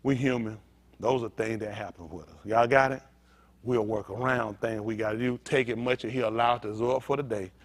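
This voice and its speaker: A man's voice: medium pitch, steady tone, fairly quick. A man preaching a sermon as pastor, talking straight to his congregation in a joking, conversational way. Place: synagogue congregation.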